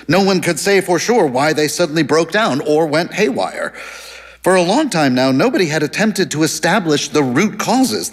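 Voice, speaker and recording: A man reading a story aloud as narrator, in a wry, measured storytelling manner with lively emphasis. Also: a little high. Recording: long hall reverb.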